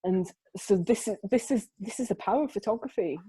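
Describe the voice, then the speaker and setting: A woman, a photographer, recounting her work in an animated way over a video call, laughing often and restarting her sentences. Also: mid-range voice, brisk, breathy edge, dry recording, rough recording. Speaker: photographer, guest. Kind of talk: conversational interview storytelling. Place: home, remote conversation.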